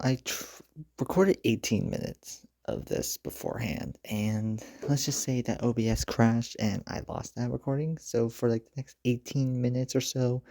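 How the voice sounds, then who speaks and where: A man hosting a let's play at home late at night, talking quietly but clearly excited. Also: medium pitch, no room sound, clean studio sound. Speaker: gaming YouTuber host. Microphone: handheld mic held close.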